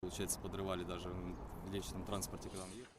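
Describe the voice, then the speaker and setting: A man's voice: deep voice, flat delivery, very fast, a little hiss or hum. A man answering a street interview outdoors, complaining plainly.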